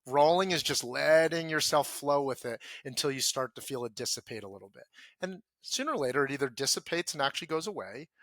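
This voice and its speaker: Speaking briskly with lively intonation, a man on a podcast as a guest talks earnestly and dramatizes his inner voice, turning quiet and low to deliver the quoted feelings. No room sound can be heard.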